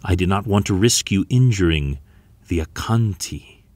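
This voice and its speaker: A man voicing a calm, regal woman who speaks solemnly and slowly. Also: low-pitched, no room sound. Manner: solemn, measured. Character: calm, regal woman, not fully human.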